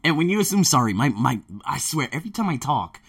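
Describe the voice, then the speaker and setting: A man hosts a casual podcast monologue, his voice sitting a little high with a bright, forceful edge. He tells stories about his life as a teacher working abroad, acts out his own lines with energy and swears without holding back. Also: fast, gravelly, slightly rough. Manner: animated storyteller who acts out his own quotes, swears freely. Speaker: podcast host.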